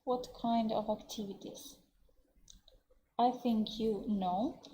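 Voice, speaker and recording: A woman with a Russian accent teaching English vocabulary in an online webinar, explaining words slowly and translating them into Russian. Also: on the high side, steady tone, mellow, slight background noise, low-quality recording. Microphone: computer mic on a webinar.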